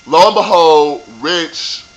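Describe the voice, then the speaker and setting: A man's voice: fairly high pitch, slow, dull audio. A young man ranting casually about a reality show reunion, sassy and profane. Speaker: vlogger reviewing a reality show. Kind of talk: casual rant.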